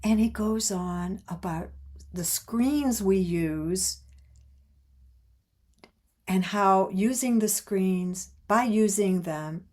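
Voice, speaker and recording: A woman speaking slowly and reflectively at a middle pitch, as she opens an online gathering and reads aloud. She often pauses and restarts her phrases, and her voice comes through a video call. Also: darkish tone. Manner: slow, thoughtful, halting with restarts. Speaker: opening speaker. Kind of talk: reflective reading and introduction.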